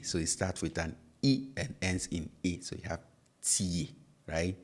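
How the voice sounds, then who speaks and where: A man's voice: low-pitched, animated, unhurried. A man with a Ghanaian English accent, a native Twi speaker, teaching pronunciation patiently and repeating each sound. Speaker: language teacher. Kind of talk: online lesson.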